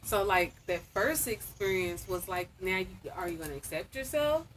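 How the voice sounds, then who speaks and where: A woman guest telling a story in casual chat outdoors, animated and chatty. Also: on the low side, moderate pace, a little hiss or hum, poor audio. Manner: animated storytelling, lively quoted asides.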